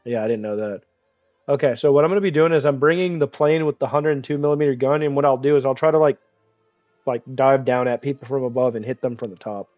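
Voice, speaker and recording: A man streaming a game, talking casually in a profane, excitable, teasing way, with congested sinuses. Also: mid-range voice, fast talker, no room sound, narrow, tinny audio, faint music behind. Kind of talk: casual gaming livestream commentary.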